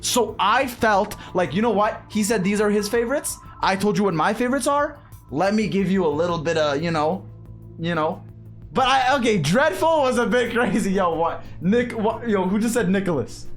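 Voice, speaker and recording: A young man from Canada telling a rambling story while gaming on stream, swearing freely and animated. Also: high voice, moderate pace, faint music behind. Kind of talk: casual gaming stream chat.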